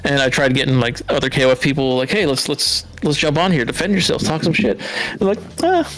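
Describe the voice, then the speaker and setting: A Southern California man guests on a podcast, telling casual stories at a quick pace in a medium-pitched voice. He's animated, swears freely, and acts out what other people said in a raised voice.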